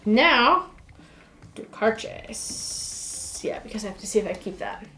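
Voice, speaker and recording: A woman's voice: on the high side, very animated, takes it slowly, background noise. Woman explaining her board game turn. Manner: explains rules while counting out moves. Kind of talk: casual tabletop gameplay talk. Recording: roomy echoey room.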